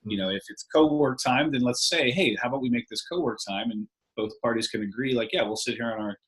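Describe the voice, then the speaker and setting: A man's voice: mid-range voice, fast talker, a bit bright, poor audio. A man in a casual group conversation, reflectively explaining ideas in long flowing sentences. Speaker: panelist.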